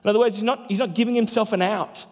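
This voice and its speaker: A man, a pastor, preaching a sermon with emphatic delivery that slows down for key phrases. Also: sits high, fairly even intonation. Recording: long hall reverb.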